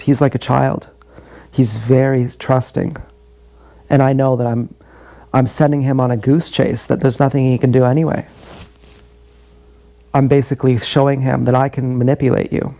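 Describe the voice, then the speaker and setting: A man's voice: mid-range voice, flat delivery, normal speed, gravelly, mellow, no echo. A man in his thirties telling a rambling, profane, confessional story in a casual livestream monologue. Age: 30s. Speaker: streamer. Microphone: action camera.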